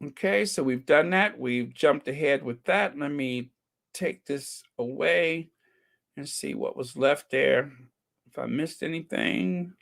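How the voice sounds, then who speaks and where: A man's voice: a little high, slow pace, creaky, fairly bright tone. A man hosting an online channel, chatting casually and reading out viewer comments with opinionated, mocking asides. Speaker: channel host.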